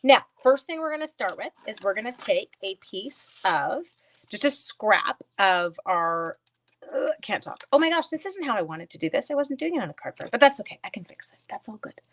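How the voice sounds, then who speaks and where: A woman's voice: medium pitch, big pitch swings, moderate pace, a bit bright. A woman hosting a crafting livestream, chatting casually with viewers and teasing herself while she works. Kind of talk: casual crafting chat, reading viewer comments. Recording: faint background noise.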